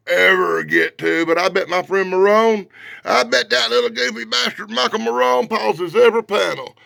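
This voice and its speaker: Male comic reviewer, high gravelly voice, sarcastic and animated, dry close sound. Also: no echo. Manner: animated, sarcastic, swings from loud to mumbling. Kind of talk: casual comic book review.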